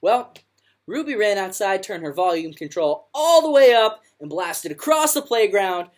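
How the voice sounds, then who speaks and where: Brief: female music teacher narrating a kids' book, slow and animated. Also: medium pitch. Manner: expressive, animated storytelling. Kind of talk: reading a picture book aloud.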